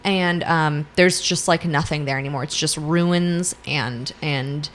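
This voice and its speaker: Chatty woman with a low voice. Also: a little slow, a little hiss or hum. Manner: chatty, filler-heavy, quotes characters. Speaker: podcast co-host. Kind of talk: casual chat, retelling a book plot.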